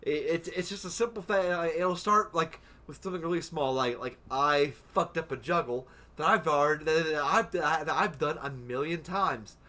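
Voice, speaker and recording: A young man with a bright, slightly high voice talks in casual chat with friends. He trips over repeated restarts and swears freely, getting more excitable as he goes. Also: normal speed, hardly any pauses.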